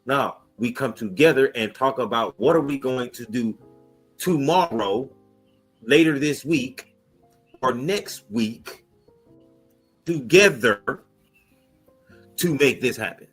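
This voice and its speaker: A man's voice: mid-range voice, expressive, takes it slowly, pauses often, breathy edge, rough recording. Man, talk show guest, adamant, insistent, punchy emphasis, faint music underneath. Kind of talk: emphatic interview answers. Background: soft music bed.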